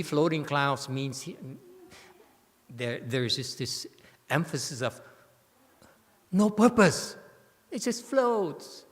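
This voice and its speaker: With a medium-pitched, slightly bright voice, a man teaches a Buddhist sutra commentary, frequently asking "okay?" and making playful, teasing remarks to his audience. It's recorded in a temple lecture hall with long reverb.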